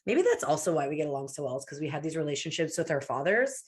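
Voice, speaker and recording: A woman's voice: deep voice, sing-song, quick pace. A woman hosting a podcast interview, reflective and affirming in casual chat. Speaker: podcast host.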